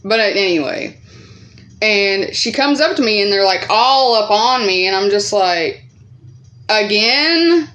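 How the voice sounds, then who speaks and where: A woman talks straight to her audience in a casual storytime vlog. She rambles and circles back, leans on fillers, and swears freely. When she quotes other people she bumps her voice up higher and louder. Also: normal speed. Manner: rambling, profane, many fillers. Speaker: vlogger.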